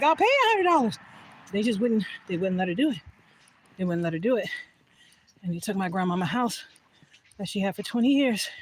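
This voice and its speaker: Walking back outdoors after voting, a woman with a voice on the high side vlogs over background noise. She tells an emotional story casually, laughing a lot and sometimes dropping to a whisper.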